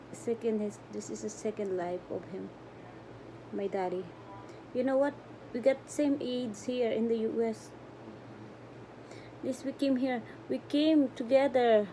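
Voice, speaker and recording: A woman's voice: fairly high pitch, a little slow, long pauses, mellow, slight background noise. Woman cooing to her cat. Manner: fond, rambling, repeats herself, broken English, coos to the cat. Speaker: pet vlogger. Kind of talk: casual vlog talk to her cat and viewers. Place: home.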